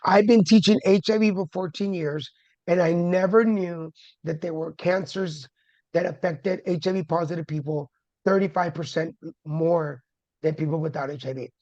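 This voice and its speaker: A man's voice: on the high side, steady tone, moderate pace, darkish tone, dry recording. A man sharing his cancer story as a guest, candid and humorous, with dramatic retellings. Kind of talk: personal storytelling. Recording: dull lo-fi dry sound.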